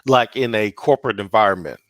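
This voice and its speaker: A man's voice: on the low side, brisk, no echo. A man co-hosting a podcast, talking things through casually with everyday examples. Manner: reasoning aloud with examples, conversational. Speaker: podcast co-host. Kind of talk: casual chat.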